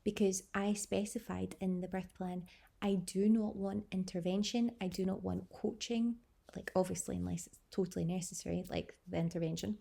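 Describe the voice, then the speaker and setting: A woman's voice: mid-range voice, flat delivery, moderate pace, vocal fry, warm tone. A young adult woman hosting a vlog, telling her birth story in an effusive way, heaping on superlatives. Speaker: vlog host.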